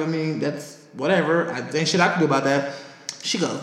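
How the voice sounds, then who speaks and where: A man co-hosting a podcast, telling a work story in a casual, profane, animated way. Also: quick pace. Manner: animated, profane, high-pitched when quoting others. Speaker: podcast co-host. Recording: echoey room.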